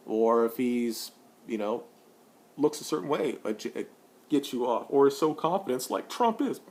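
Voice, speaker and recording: A man in his forties vlogging an opinion monologue, blunt and profane, rambling with many restarts, and rising loud and high when he gets worked up. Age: 40s.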